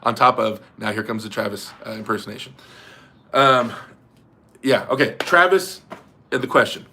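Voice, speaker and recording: A man's voice: medium pitch, lively intonation, normal speed, pushed and bright, slight background noise. A man hosting a casual livestream from his garage, joking and reading out viewer messages. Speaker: livestream host. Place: home garage.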